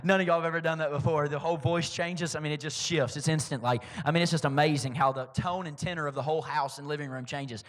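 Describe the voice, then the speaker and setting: High, bright-voiced pastor preaching. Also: male voice, quick pace, hardly any pauses. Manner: animated preaching that swings from loud emphasis to quiet storytelling. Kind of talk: sermon.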